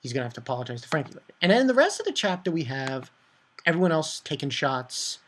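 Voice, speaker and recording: A man giving a casual manga chapter review, excitable and profane, rambling with many fillers. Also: a little high, fast, slight background noise.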